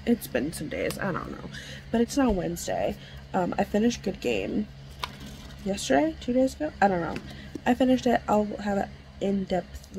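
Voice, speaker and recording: A young woman chatting casually in a book vlog, gushing and excitable, full of fillers and quick asides. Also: mid-range voice, a little hiss or hum. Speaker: book vlogger.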